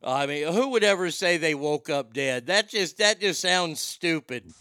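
A man's voice: a little high, animated, a little slow, bright, forceful tone, smooth, no echo, studio quality. A man hosting a comedy podcast, ranting off the cuff in a crude, rambling, self-mocking way. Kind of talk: improvised comedic rant.

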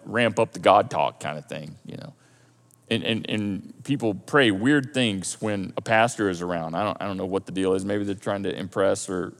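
A male pastor preaching a sermon in a lively, conversational way and often repeating himself. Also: medium pitch. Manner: animated, conversational preaching with repetitions. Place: church auditorium. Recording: echoey hall.

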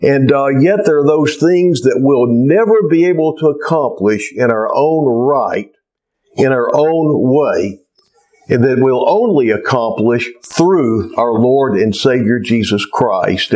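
A man giving a sermon as pastor, telling a story in an unhurried way before turning to scripture. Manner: unhurried storytelling with lively pitch.

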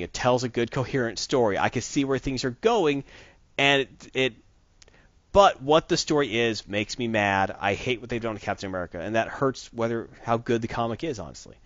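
A man's voice: medium pitch, a bit bright, dry recording. A man reviewing a comic book in a casual podcast chat, rambling and opinionated. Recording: dull dry lo-fi recording.

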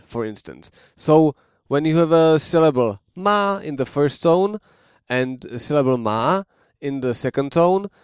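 A man gives a slow, patient language lesson. His voice is smooth and resonant, and it is recorded close and dry. He explains step by step and models each sound for the listener to repeat. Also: fairly high pitch, dry recording. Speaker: language teacher.

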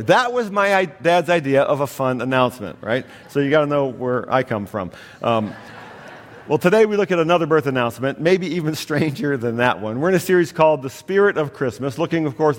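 A man preaching a sermon as a pastor, telling a family story with humor and a slight cough. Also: medium pitch. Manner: storytelling with humor, acting out voices in a family anecdote. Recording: long hall reverb.

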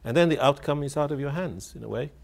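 A man's voice: mid-range voice, quick pace, gravelly. A man speaking in a reflective, hesitant way, often repeating words as he searches for his phrasing, and laughing wryly as he tells a story. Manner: wry, laughs while telling a story. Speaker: author interviewed on radio. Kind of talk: reflective spoken reminiscence.

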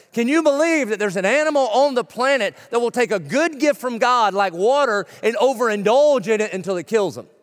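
A middle-aged man preaching in a church, his voice sitting on the high side for a man. He jokes and punches out quick lists. The sound rings with a long reverb from the big room. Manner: joking, punchy preaching with rapid-fire lists. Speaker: pastor. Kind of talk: sermon. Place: church sanctuary.

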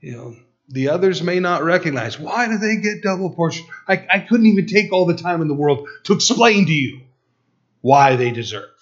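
Middle-aged preacher telling a lively story. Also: male voice, a little high. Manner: lively storyteller, stammering restarts, fast bursts. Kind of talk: sermon with a personal story. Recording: dull lo-fi recording.

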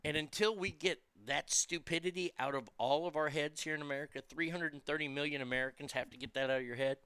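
High, bright-voiced ranting man. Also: steady tone, fast talker, smooth, dry recording. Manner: profane, swings from muttering to loud ranting. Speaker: podcast host. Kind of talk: casual ranting monologue.

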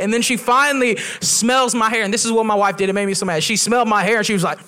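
Man, young adult, guest pastor, high voice, funny lively sermon. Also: fast talker, clean tone. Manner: lively storytelling with quoted voices. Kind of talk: humorous sermon. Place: church.

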